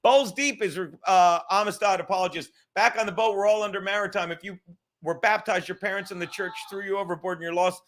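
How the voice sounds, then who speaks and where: Brash, bright-voiced New York man ranting. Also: high-pitched, steady tone, brisk, slight background noise. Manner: loud, swearing, rambling, shifts from shouting to mumbling. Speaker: podcast host. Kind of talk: profane livestream rant.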